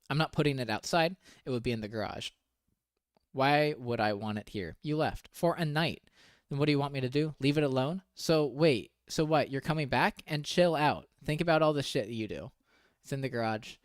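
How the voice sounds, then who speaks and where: A man streaming casual commentary, working through screenshots of messages. He reads the texts in a flat, quiet mumble, then breaks out in profane disbelief. His voice sits at a middle pitch, recorded close and dry with no room sound. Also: clean tone, no room sound.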